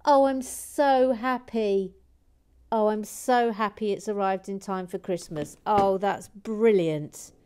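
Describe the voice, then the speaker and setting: A woman voicing a little Christmas elf who gushes with squealing excitement. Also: medium pitch, slow pace, clear, resonant tone, natural voice. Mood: thrilled.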